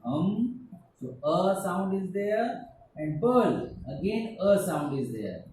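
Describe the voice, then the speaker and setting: A man's voice: high voice, big pitch swings, slow, darkish tone. A man with an Indian English accent teaching an online English class, explaining step by step and often saying "okay". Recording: echoey room, faint background noise.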